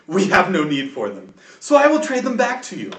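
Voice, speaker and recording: A man's voice: huge pitch swings, a little fast, a bit bright, heavily acted. A man voicing a towering, cruel male half-dragon warlord who taunts his foes, recorded in an echoey room from a distant mic with faint noise. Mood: taunting. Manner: booming, taunting, theatrical.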